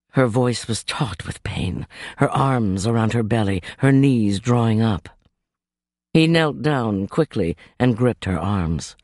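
Slow, husky male storyteller. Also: mid-range voice, expressive, a little mellow, no echo, studio quality. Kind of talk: scripted story narration.

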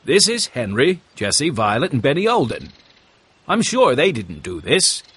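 A man voicing a kind middle-aged farmer in a storybook, calm and reassuring. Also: medium pitch, normal speed, husky, exaggerated voice.

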